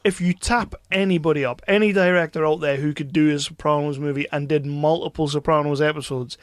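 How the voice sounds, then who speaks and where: A man's voice: fairly high pitch, fairly even intonation, fairly quick, dry recording, studio quality. A man hosting a podcast, bantering and teasing his co-host in casual chat.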